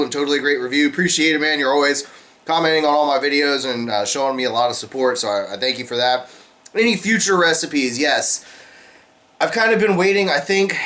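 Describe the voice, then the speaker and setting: A man hosting a casual beer vlog, talking in a relaxed, rambling way with lots of fillers while he sips beer. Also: on the high side. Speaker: beer review vlogger, channel host. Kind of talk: casual chat to camera.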